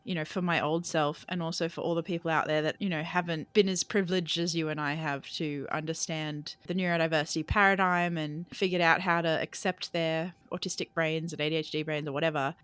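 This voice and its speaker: A woman's voice: sits low, fairly even intonation, fairly quick, hardly any pauses, fairly bright tone, clean tone, dry recording. A woman hosting a podcast in casual chat, affirming her guest and explaining with worked examples. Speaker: podcast host.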